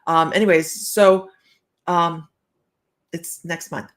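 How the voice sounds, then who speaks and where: A woman's voice: lowish voice, steady tone, slow, slight background noise. A middle-aged woman hosting a psychic livestream, telling stories casually, laughing often and acting out the voices she quotes. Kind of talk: casual chatty livestream storytelling.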